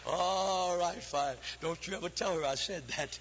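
A man's voice: high voice, measured pace, fairly bright tone, a little hiss or hum. An older man preaching a folksy, humorous Baptist sermon, telling stories and breaking into a chanted cadence, recorded in a church. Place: church sanctuary. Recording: lo-fi hall recording with long reverb.

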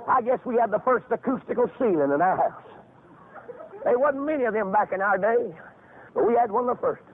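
An older man preaching a revival sermon, telling stories and rising into fervent shouts with drawn-out phrases. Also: very high voice, very animated, a little hiss or hum. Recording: phone-like, narrow band.

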